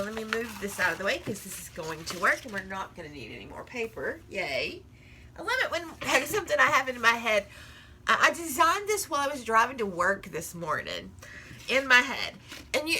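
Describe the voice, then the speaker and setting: A woman's voice: medium pitch, sharp tone, slight background noise. A woman in a casual crafting vlog, chatting and rambling while she works, often laughing at herself. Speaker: crafting vlogger.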